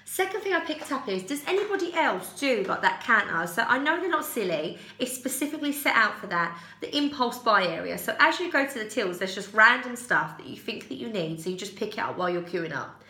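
A young woman chats her way through a haul in a casual, rambling manner, often stopping to correct herself. Her voice is bright and a little high. The room around her rings with echo. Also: animated, brisk. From United Kingdom. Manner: chatty, rambling, self-correcting with giggles. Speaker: haul vlogger. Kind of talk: casual chat. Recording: echoey room.

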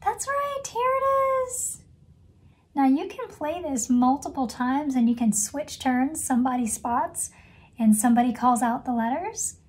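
High-voiced woman teaching toddlers. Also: a little mellow. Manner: slow, encouraging, sing-song praise. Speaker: preschool teacher. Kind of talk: circle time lesson for toddlers.

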